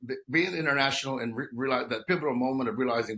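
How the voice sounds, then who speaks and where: A man's voice: mid-range voice, racing, bright, forceful tone. Talkative man in his fifties. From Texas. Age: 50s. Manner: talkative, many restarts and "you know" fillers. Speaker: guest. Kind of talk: conversational interview.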